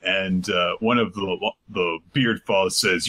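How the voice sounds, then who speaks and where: A man's voice: low voice, steady tone, takes it slowly, hardly any pauses, sharp tone. A man co-hosting a podcast, recapping chapters in casual chat and acting out bits in put-on voices. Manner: retells scenes, putting on silly voices. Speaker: podcast co-host.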